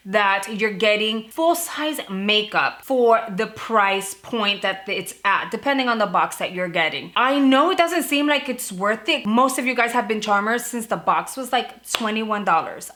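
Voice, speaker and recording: A young woman vlogging straight to her viewers in a loose, chatty way, full of quick asides. Her voice sits a little high and rings bright and clear. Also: expressive. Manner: chatty, fast asides with frequent "like" and laughs. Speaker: beauty subscription box vlogger. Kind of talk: casual to-camera vlog.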